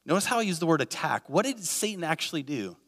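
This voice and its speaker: Man, pastor, sermon, slightly high voice, earnest, rhetorical questions, long hall reverb. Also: very animated, fast talker, fairly bright tone. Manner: earnest, uses many rhetorical questions and repetition.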